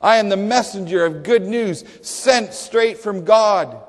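A man voicing a commanding male archangel, declaiming slowly and emphatically in a reverberant hall. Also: high voice. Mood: emphatic.

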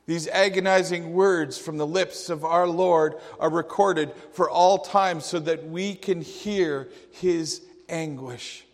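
A man preaching a sermon, slow and emphatic, with dramatic quotations. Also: on the high side, steady tone. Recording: long hall reverb.

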